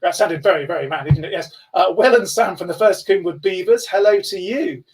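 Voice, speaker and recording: A man's voice: high-pitched, a little mellow. A man on a video call, enthusiastically reading out names as a guest speaker. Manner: enthusiastic, reads out names in quick bursts. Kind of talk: upbeat live-stream shout-outs. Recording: distant, thin video-call audio.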